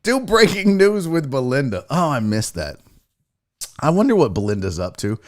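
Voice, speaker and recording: A man hosting a sports talk livestream, a little drunk, joking loudly with his chat and swearing often. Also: medium pitch, big pitch swings, normal speed. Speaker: sports talk show host.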